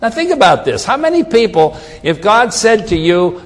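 A man preaching a sermon, reading scripture with slow, dramatic emphasis. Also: high voice, sing-song. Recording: long hall reverb.

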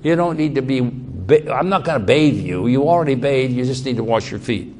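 A man preaching a sermon, reading scripture aloud and acting out the quotes with sudden swings in loudness and pace. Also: medium pitch, expressive, fairly quick, slight background noise. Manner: dramatic quoting of scripture, shifting loudness and pace.

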